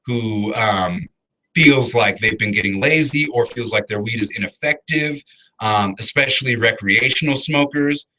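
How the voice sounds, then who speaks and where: A man hosts a casual morning show in a rambling, unhurried way. His voice sits low and has a strong, pressing edge, and he fills his pauses with ums and uhs. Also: sharp tone, low-quality recording. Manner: laid-back, rambling, many fillers. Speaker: radio show host.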